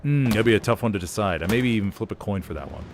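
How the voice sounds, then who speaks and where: Low-voiced man rambling between game calls. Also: fast, a little hiss or hum. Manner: rambling, relaxed, meandering asides. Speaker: game caster. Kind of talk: casual chat during live game commentary.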